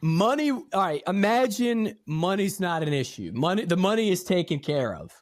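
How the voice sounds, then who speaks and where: A man's voice: high voice, sing-song, moderate pace, no room sound, studio quality. A young man hosting a casual podcast, talking bluntly and swearing freely. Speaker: podcast host. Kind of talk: casual chat.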